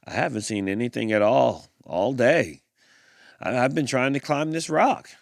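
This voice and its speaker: Man reading as a gentle storybook turtle, soft and unhurried. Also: mid-range voice, creaky, no room sound, studio quality. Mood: friendly. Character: slow, friendly turtle.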